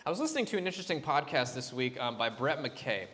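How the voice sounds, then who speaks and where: A man's voice: mid-range voice, sing-song, fast, hardly any pauses, fairly bright tone, slight background noise. A man preaching a sermon as a pastor, chatty and loose, with fillers and restarts. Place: church sanctuary. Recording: long reverb of a church hall.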